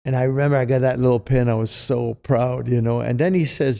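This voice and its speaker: A middle-aged man with a French-Canadian accent spins casual stories, his voice gravelly and warm. He acts out the people he quotes, and fillers fill his talk. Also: medium pitch, fairly even intonation, a little fast. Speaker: guest, retired hockey player. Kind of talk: casual storytelling.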